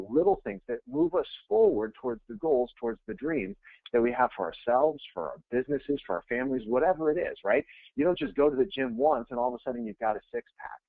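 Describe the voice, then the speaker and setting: A male coach talks through a webinar with a lively, rising and falling delivery and a gravelly edge in his voice. His words come over a thin, phone-like line with no room sound around them. He speaks casually and with energy, repeating phrases for emphasis. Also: fairly high pitch, no echo. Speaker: real estate coach. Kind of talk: webinar presentation. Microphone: webinar audio feed. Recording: tinny phone-like line, dry.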